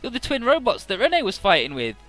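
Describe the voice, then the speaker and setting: A man's voice: very high-pitched, wildly swooping pitch, brisk, a bit bright, no room sound, soft background music, pitched above the performer's own voice, full character voice. A man voicing a tough, foul-mouthed young woman pilot as he paraphrases game dialogue, blunt and swearing.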